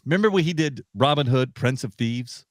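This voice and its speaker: A man co-hosting a sci-fi podcast in casual chat, emphatic and animated, repeating words as he builds a point. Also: mid-range voice, brisk, dry recording, clean studio sound. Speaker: podcast co-host.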